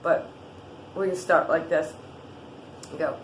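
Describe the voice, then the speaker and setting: A woman guiding a tapping exercise in a gentle, rambling way, with many fillers and restarts. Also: on the low side, normal speed, roomy sound, slight background noise, rough recording. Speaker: wellness guide.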